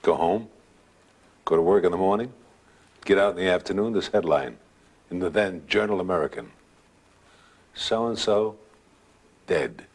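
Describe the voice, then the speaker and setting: An older man, casually telling a personal story in a relaxed way and acting out what others said. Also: sits low, a little fast, long pauses. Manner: relaxed storytelling, acts out voices. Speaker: guest storyteller.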